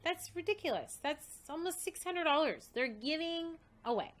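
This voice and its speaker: A woman host excitedly reading out a list of prizes, coughing and short of breath. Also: high voice, moderate pace. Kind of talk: casual livestream announcement.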